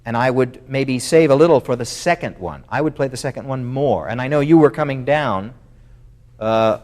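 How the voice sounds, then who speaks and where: This male clinician coaching a music masterclass has a mid-range, somewhat dark voice with lively intonation and normal speed. His explanations run long and are full of fillers, and he sings passages on syllables as examples.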